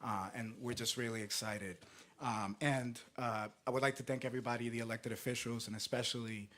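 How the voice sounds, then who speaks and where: A man's voice: medium pitch, steady tone, brisk, a bit bright. A man emceeing at a public groundbreaking ceremony, thankful and joking, close to tears.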